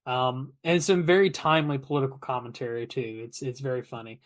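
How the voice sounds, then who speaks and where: This podcast co-host talks a little fast at medium pitch. He meanders loosely, often stumbling into fillers and starting sentences over.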